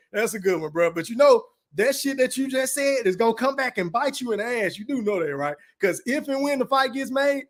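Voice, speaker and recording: A man's voice: extremely high pitch, animated, brisk. A young man from Dallas, hosting a casual live stream, reading chat comments aloud and ranting in profane slang. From Dallas, Texas.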